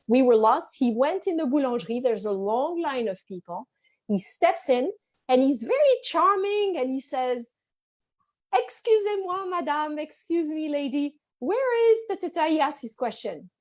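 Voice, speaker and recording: Casual guest chat from a french woman, accent, lots of acted-out quotes, bit high pitched. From France. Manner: animated storyteller who acts out the people she quotes. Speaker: guest, travel writer and tour guide. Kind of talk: casual chat over video call. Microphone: video call.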